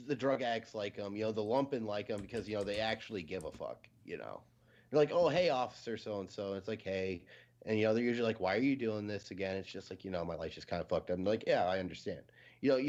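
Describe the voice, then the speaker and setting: A low-voiced man hosting a casual livestream chat, rambling along with lots of fillers as he tells stories and jokes. The audio is dull and lo-fi, like a webcam mic on a stream. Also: a little mellow. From Ohio, US. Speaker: livestream host.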